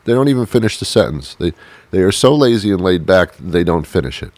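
A man with a very low, deep voice rambles through a deadpan comic monologue, full of mock-confused asides. The recording is dry and close, with no room sound at all. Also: brisk, dry recording. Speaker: comedian. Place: sitting on a porch outdoors.

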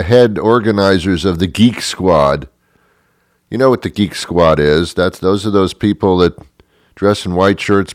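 Older male radio host, very low and dry, sarcastic and grumpy, rambling delivery. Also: no echo. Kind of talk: sarcastic solo radio monologue.

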